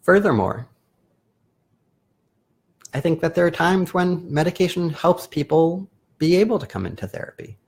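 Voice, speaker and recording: A man hosting a live video as a therapist, explaining calmly in a casual, self-correcting way. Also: fairly high pitch, normal speed, creaky, long pauses, breathy edge. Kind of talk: casual live-stream talk.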